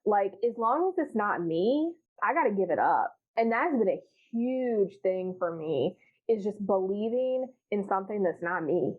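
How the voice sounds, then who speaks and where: A woman's voice: medium pitch, expressive, normal speed. Woman guest, blunt and profane, laughs a lot, plays out her old self; tinny phone-line sound. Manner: frank, profane, laughs often, acts out her past self. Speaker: podcast guest. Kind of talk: candid casual chat.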